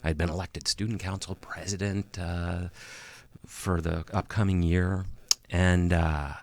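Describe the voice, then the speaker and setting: Deep gravelly middle-aged man. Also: fairly even intonation. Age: about 50. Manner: halting, with frequent pauses and restarts. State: emotional. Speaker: interview guest. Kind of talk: personal testimony in an interview.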